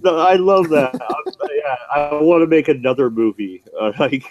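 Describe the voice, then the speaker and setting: A man's voice: on the high side, moderate pace, crowd noise. Joking man on a dull lo-fi call. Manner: joking, laughs often. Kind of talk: casual chat.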